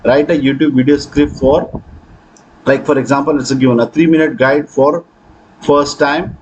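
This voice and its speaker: A man hosting a software tutorial, talking through his screen with frequent hesitations. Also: medium pitch, steady tone, moderate pace, muffled recording, a little hiss or hum. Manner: hesitant, many fillers. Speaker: tutorial host. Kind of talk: screen-recording software walkthrough.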